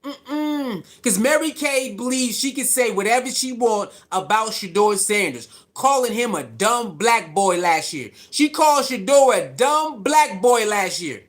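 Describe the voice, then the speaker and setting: A man's voice: high-pitched, lively intonation, a little slow, hardly any pauses, a bit bright. A man hosting a heated solo sports rant, exasperated and scolding, often mocking his critics. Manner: ranting, exasperated, mocks critics in put-on voices. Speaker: sports commentary host.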